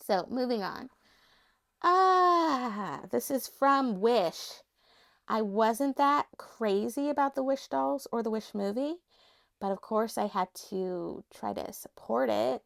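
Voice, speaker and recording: A woman's high, thin voice carries a chatty, rambling vlog, broken by restarts and small laughs. Her phrase ends drop into a gravelly fry. The sound is dry and close, with no room around it. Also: expressive, slow, no room sound. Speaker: doll collector showing her collection. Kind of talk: casual unscripted vlog chat.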